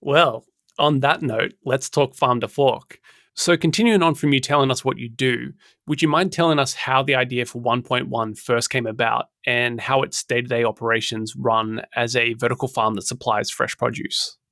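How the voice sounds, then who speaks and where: A man hosting a podcast interview, friendly and quick to laugh. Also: medium pitch, steady tone, sharp tone, no echo, clean studio sound. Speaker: podcast host.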